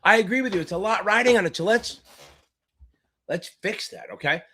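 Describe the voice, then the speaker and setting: Loud, swearing man coaching in a live Q&A. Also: sits high, fairly quick, slightly rough. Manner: loud, profane, hyped-up coaching; reads viewer names and answers from the chat. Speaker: exam tutor hosting a live Q&A. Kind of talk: livestream Q&A.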